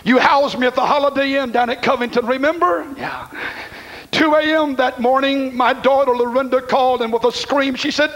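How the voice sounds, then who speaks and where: A middle-aged man preaching a sermon to a congregation, impassioned, dropping to a hush and then rising to shouts. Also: very high-pitched, fairly even intonation, normal speed, rough recording. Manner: impassioned, swings from hushed to shouting. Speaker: pastor. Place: church congregation.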